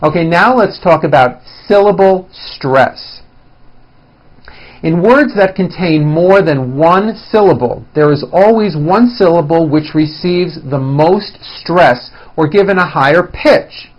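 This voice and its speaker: Man, English teacher, slow scripted lesson, exaggerated demonstrative intonation. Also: on the high side, lively intonation, dull audio. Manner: deliberate, exaggerated rises and falls for demonstration.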